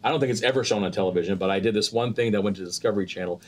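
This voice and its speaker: Male actor guest, lively storyteller, lowish voice, light background hiss. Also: rapid-fire. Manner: animated storyteller, acts out quotes with laughter. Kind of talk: casual interview chat.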